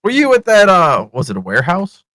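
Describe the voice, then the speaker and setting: A man's voice: high voice, huge pitch swings, a little fast, sharp tone, no echo, heavily acted. A man voicing a brash, friendly male adventurer who calls out boisterously. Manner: boisterous, hailing with "oi" and "mate".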